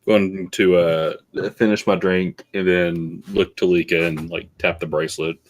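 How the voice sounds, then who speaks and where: A laid-back man at a tabletop game, with a very deep voice. He talks in an easy, wry way. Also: little pitch movement, unhurried, a little hiss or hum. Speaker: player. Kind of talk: casual tabletop play.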